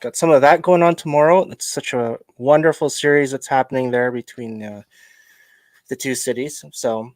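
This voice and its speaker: A male podcast host in relaxed livestream chat, mid-pitched and loose, tossing out greetings to viewers between ums and uhs. His voice sits close and dry, with little room around it. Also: moderate pace, dry recording. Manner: chatty and joking, greets viewers, many fillers.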